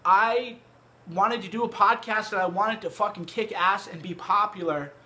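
Brash, bright-voiced man talking to camera. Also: high voice, normal speed. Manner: brash, profane, emphatic. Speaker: vlogger. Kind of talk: casual direct-to-camera book talk. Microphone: cheap USB microphone.

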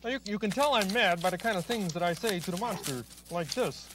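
A man's voice: high-pitched, expressive, a little fast, heavy background noise. A man playing an earnest, fussy frog puppet lecturing children on a TV show, explaining patiently with exasperated bursts.

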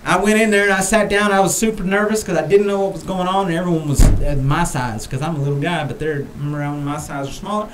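A man's voice: high voice, steady tone, fast talker, few pauses, background noise. A man co-hosting a talk show, telling a rambling comic story and repeating lines for laughs.

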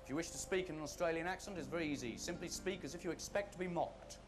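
A male comedian with a London accent delivering a deadpan mock sermon with a gruff, blokey put-on voice. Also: on the high side, fast talker, noisy background. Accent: London English.

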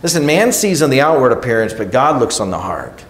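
A man's voice: medium pitch, big pitch swings, brisk. A man preaching a sermon to his congregation in a conversational way, often restarting phrases and checking in with "okay?" and "right?". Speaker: pastor. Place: church sanctuary. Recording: echoey church room.

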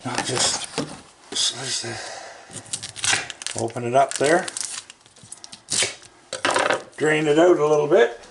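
Background noise runs under this fairly high-pitched male voice. Out on his deck with a handheld camera, the raccoon feeder chats casually and fondly to the animals in a slow, gravelly way.

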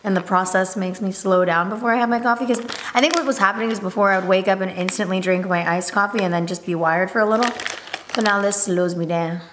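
A woman's voice: medium pitch, fairly even intonation, fast, background noise. A young woman in her twenties chatting casually to camera in a home vlog, upbeat and full of "like" and "literally". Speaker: vlogger. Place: home indoors.

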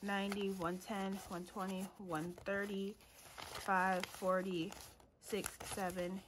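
Woman, casual budgeting vlog, chatty and laughing, table clicks, steady background noise. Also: mid-range voice, takes it slowly. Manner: chatty, laughs often, talks to viewers as y'all. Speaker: budgeting vlogger. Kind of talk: casual chat while counting cash. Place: home room at a table.

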